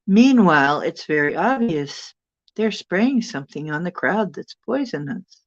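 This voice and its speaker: A woman's voice: lowish voice, expressive, unhurried, dull audio. A woman hosting a livestream, wandering through her thoughts as she recounts dreams and reads viewer comments. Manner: meandering, thinking aloud. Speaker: channel host.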